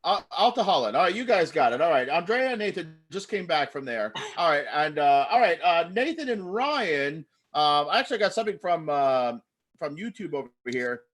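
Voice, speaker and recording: High, bouncy guy hosting an improv show over a video call, rambling on. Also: sing-song, moderate pace, fairly bright tone. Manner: chatty, rambling, upbeat. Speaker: improv host. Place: home via video call.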